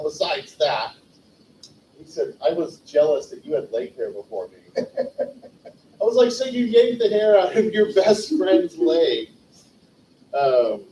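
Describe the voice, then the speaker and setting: A mellow, medium-pitched man in his forties from California tells rambling anecdotes with self-corrections as a eulogy speaker at a livestreamed memorial. He's picked up by a distant mic, with roomy echo and faint noise.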